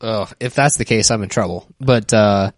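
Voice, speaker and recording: A man's voice: lowish voice, normal speed, dry recording, clean studio sound. A man co-hosting a casual chat, offering hesitant, jokey guesses. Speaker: podcast co-host.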